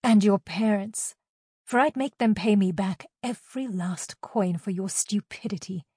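A woman voicing a haughty, matronly high priestess who speaks in a scornful, cutting way. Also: unhurried, warm tone, slightly rough, no room sound, studio quality.

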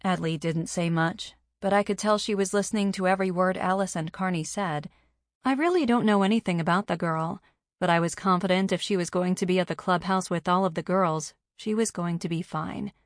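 Female audiobook narrator, lowish voice, dry recording. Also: a little fast, no echo. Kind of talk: scripted narration.

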